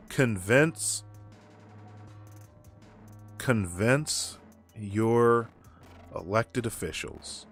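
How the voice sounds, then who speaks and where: A man's voice: medium pitch, very animated, drawn-out words, long pauses, fairly bright tone, faint music behind. A man from the United States streaming a game and ranting about politics with sarcasm and frequent swearing. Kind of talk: casual chat while gaming.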